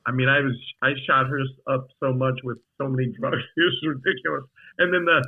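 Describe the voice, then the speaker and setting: A male actor guest telling stories in a casual interview, rambling and animated, with frequent restarts. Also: mid-range voice, fairly quick, phone-quality sound.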